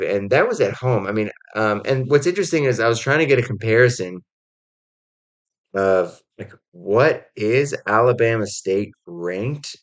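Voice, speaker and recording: A man giving casual college football commentary, rambling with lots of "like" and "um" and acting out quotes as he goes. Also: fairly low pitch. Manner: rambling, heavy on "like" and "um" fillers; animated storytelling with acted-out quotes. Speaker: college football podcast host.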